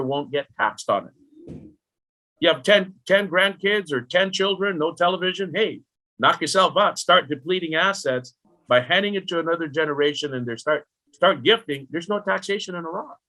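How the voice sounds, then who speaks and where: A middle-aged man explaining retirement planning as a podcast guest, lively and full of rhetorical questions aimed at the listener. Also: on the high side. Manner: animated, rhetorical questions, talks directly to the listener.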